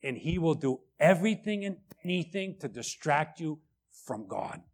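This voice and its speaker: A middle-aged male pastor preaching a sermon in an animated way, often breaking in with asides like "right?" and "okay?". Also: on the high side, moderate pace.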